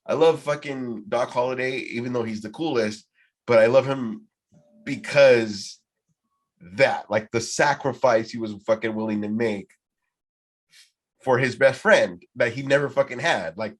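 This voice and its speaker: A man's voice: medium pitch, unhurried. A man hosting a casual podcast trivia night, rambling and swearing freely as he talks. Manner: rambling, heavy swearing, loose and profane. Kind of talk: casual group chat.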